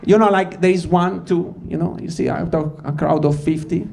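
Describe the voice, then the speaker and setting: High-voiced rambling man doing stand-up. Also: fairly even intonation, normal speed, vocal fry, darkish tone. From Ticino, Switzerland. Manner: rambling, self-interrupting, addresses crowd as guys. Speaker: stand-up comedian. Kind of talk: stand-up comedy set. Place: comedy stage before a live audience.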